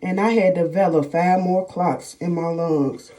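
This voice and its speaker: Slow-talking woman telling a story. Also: fairly low pitch, fairly even intonation, warm tone. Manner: emphatic, repetitive, addresses viewers as "y'all". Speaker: vlogger. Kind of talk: casual storytelling to viewers.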